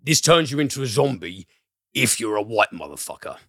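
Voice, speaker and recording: A man's voice: mid-range voice, big pitch swings, fairly quick, a bit bright, dry recording, studio quality. A man hosting a casual film review podcast, enthusiastic, rambling and profane.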